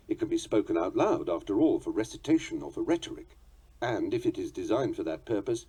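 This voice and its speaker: A man's voice: fairly low pitch, dark tone, slightly rough. A man with a British English accent reading a book on poetry aloud, dry, precise and wry. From England.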